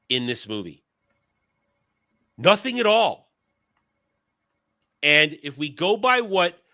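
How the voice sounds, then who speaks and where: A man's voice: medium pitch, bright, forceful tone. A man hosting a casual podcast discussion, talking in a blunt, profane, ranting manner. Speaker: show host.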